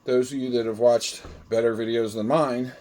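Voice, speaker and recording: Man of average pitch, chatty hobbyist host, loose and rambling with lots of ums and uhs. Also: flat delivery, normal speed, dark tone. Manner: rambling, filler-heavy, friendly. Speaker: hobby grower demonstrating gutter parts. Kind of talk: casual how-to video talk.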